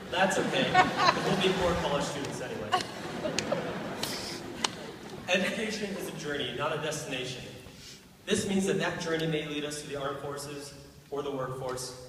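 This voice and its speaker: A teenage boy giving a graduation speech with dry, deadpan humor. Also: fairly high pitch, moderate pace, noisy background. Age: teens. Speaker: graduating student speaker. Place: large hall. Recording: echoey hall from far off.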